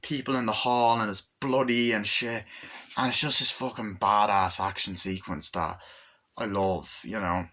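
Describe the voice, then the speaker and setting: A man with a lowish but bright, forceful voice, gushing over an action film. He talks in a loose ramble full of swearing and hops from scene to scene. His delivery is casual and excited. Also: normal speed. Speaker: movie reviewer.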